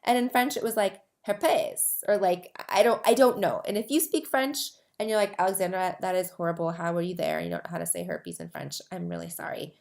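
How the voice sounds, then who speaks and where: Brisk and barely pausing, this woman speaks low with vocal fry and a darkish tone. She hosts her own herpes advocacy podcast, rambling casually to camera through asides and restarts.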